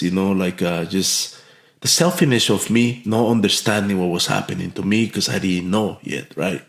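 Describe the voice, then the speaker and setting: A man's voice: low-pitched, moderate pace, gravelly. A man from Mexico telling a heartfelt story as a podcast guest, earnest and full of restarts and fillers. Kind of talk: storytelling in an interview. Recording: echoey room.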